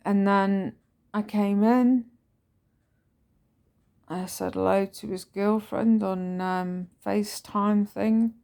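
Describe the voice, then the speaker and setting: A woman's voice: mid-range voice, fairly even intonation, slow pace, vocal fry, pauses often, darkish tone. A woman telling a personal story in a casual, rambling vlog. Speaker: vlogger.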